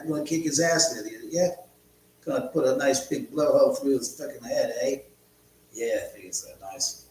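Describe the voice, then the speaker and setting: A man's voice: mid-range voice, natural voice. A menacing tough guy, put on by a man on a live stream, taunting and mock-threatening. The voice rings around a very echoey room. A faint hum sits underneath.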